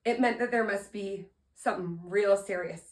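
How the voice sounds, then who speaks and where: A woman podcast host telling a story from her talk to students in an energetic motivational style, with sudden loud emphasis, soft earnest asides and direct questions to her listeners. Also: medium pitch, moderate pace. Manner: talks to listeners directly, asking them to respond.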